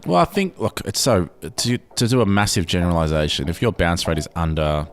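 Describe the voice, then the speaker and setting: A man's voice: low-pitched, a little fast. Chatty man hosting a podcast. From Australia. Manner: chatty, loose, restarts often. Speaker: podcast host. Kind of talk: casual podcast chat.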